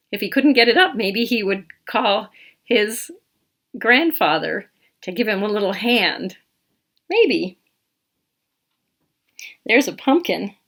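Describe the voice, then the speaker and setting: A storytime reader with a fairly high voice reads a picture book aloud to small children, animated and interactive. She asks them questions, points out details, and counts along with them.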